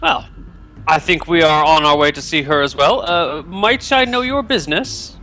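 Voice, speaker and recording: A man's voice: fairly high pitch, moderate pace, bright, forceful tone, soft background music. A man playing a tabletop game, speaking in character in a genteel, mock-formal manner. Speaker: player.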